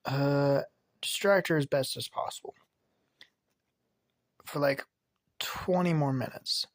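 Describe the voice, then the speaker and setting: A man's voice: fairly high pitch, slow, no room sound, studio quality. A man doing a stammering robot butler. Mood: nervous. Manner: hesitant, stammering. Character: servile hesitant male robot butler.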